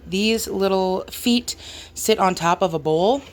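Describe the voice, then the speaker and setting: A woman chatting casually in her home kitchen as a homestead vlogger, talking while she works and joking about herself. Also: slow. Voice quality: squeaky. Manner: chatty, self-deprecating, talks while working.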